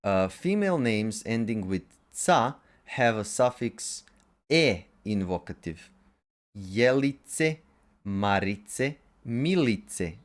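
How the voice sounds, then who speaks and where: A man teaching a language lesson, methodically going through word pairs with short asides. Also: medium pitch. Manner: methodical, lists words in pairs with brief asides.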